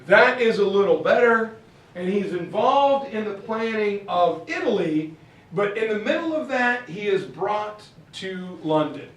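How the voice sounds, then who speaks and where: A man gives a casual history lecture in a chatty storytelling way, with frequent fillers and asides. His voice sits high for a man and echoes around a classroom, recorded from a distance. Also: lively intonation, unhurried, a bit bright. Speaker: history teacher. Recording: echoey room, mic far off.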